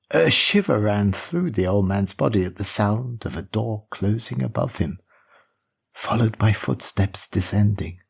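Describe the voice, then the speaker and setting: A man narrating an audiobook in a measured, expressive storytelling manner. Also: lowish voice, creaky, slightly rough. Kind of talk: scripted narration.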